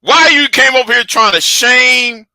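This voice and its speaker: Brief: bright, expressive male commentator, rambling and close-miked, dry sound. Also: very high voice, unhurried, dry recording. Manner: animated, rambling, restarts, drops to mutters. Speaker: commentary host. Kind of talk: casual commentary.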